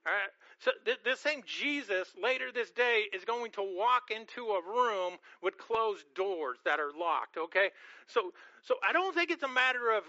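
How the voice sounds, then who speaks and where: A man with a high, bright voice preaches an earnest sermon, often stumbling over and repeating the first word of a phrase. He asks his listeners questions as he goes. The sound is dry and a little dull. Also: animated, moderate pace, no room sound. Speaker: pastor.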